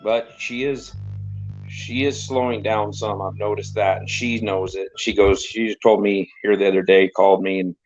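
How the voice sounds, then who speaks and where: A man's voice: lowish voice, little pitch movement, moderate pace, darkish tone, highs cut off. A middle-aged man telling rambling, crude stories in casual chat as a regular on the show. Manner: rambling, crude, laughing storyteller.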